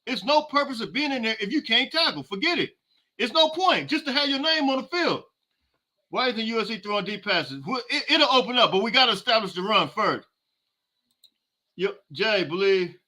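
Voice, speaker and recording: A man's voice: sits high, pushed and bright. A man hosting a podcast, giving a live halftime reaction and answering viewer comments in an exasperated, fired-up rant full of casual slang. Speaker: podcast host.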